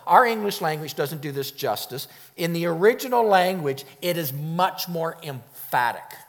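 An emphatic male preacher delivering a sermon, hammering his key phrases through repetition. His voice sits slightly high for a man. Long reverb trails off his words, as in a church sanctuary.

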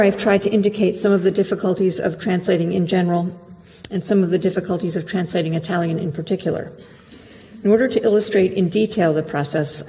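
Gravelly-voiced translator lecturing in a hall. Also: medium pitch, darkish tone. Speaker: literary translator. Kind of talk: reading a prepared lecture. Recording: long hall reverb.

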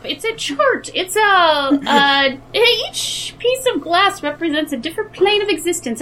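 A woman voicing a curious, bookish woman scholar who muses slowly and hesitantly. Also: high voice, a bit bright, slight background noise, full character voice. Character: curious bookish woman Lily, fascinated by planes.

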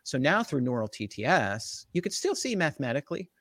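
Man, New Jersey accent, casual interview guest, animated, dry close recording. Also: a little high, fairly quick, dry recording. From Jersey Shore, USA. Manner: animated, lots of "right?" tag questions. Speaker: tech company guest. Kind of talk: casual explanatory interview talk.

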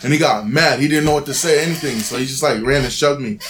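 A man's voice: mid-range voice, fast talker, fairly bright tone, a little hiss or hum. A young man casually telling a rambling, swear-heavy story to friends, full of fillers.

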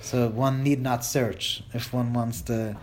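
A man's voice: mid-range voice, flat delivery, slow pace, darkish tone, slight background noise. A man teaching a class, reading lines of a Hebrew text aloud and translating each into English with dramatic emphasis and a wry humor. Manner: reads Hebrew lines then translates them line by line, dramatic; wry, jokes with listeners. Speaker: Torah teacher.

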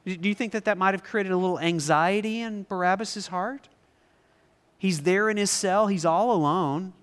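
A man preaching a sermon to a congregation, animated, asking them questions and acting out scenes. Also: high voice, normal speed, smooth. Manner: animated, asks the audience questions and acts out scenes. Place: large hall before a live congregation. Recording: long reverb in a large hall.

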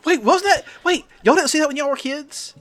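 A man with a high voice, co-hosting a casual comedy podcast. He swears a lot, laughs often, and gets loud and lively when he tells a story. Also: brisk. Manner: profane, laughing, animated storytelling. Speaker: podcast co-host.

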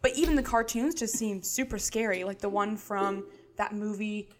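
A woman's voice: mid-range voice, moderate pace, a loud crowd. A young woman co-hosting a podcast, telling a story in a joking, casual way. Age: young adult. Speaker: podcast co-host. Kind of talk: casual chat.

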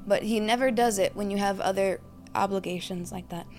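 Soft-spoken woman preaching over faint music. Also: mid-range voice, fairly even intonation, fairly quick. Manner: reflective, teaching with questions and lists. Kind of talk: sermon teaching.

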